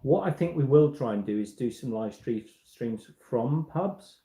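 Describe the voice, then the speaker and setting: A man's voice: medium pitch, lively intonation, moderate pace, warm tone, roomy sound, low-quality recording. A man hosting a casual livestream from a home, rambling and chatty, restarting and repeating words as he goes. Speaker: walking-trip vlogger and livestream host. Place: indoors in a home.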